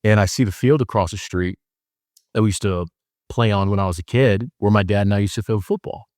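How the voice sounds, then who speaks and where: A man's voice: fairly low pitch, a little fast, a little mellow, no echo, clean studio sound. A young man hosting a podcast, telling stories in a loose, joking way with lots of fillers. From Wisconsin. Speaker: podcast host. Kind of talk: casual storytelling monologue.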